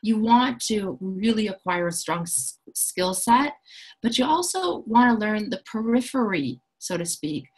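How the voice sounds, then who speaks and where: A woman's voice: medium pitch, animated, measured pace, darkish tone, slightly rough, rough recording. A woman who runs a coaching school, explaining her programs in an enthusiastic, self-assured, chatty way. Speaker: empowerment coach and school founder. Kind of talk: promotional explainer talk.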